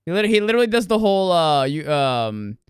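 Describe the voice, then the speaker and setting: A man's voice: fairly high pitch, big pitch swings, a little fast, smooth, no room sound, clean studio sound. A man streaming a game, chatting casually in a loose, profane, rambling way. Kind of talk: casual gaming stream chat.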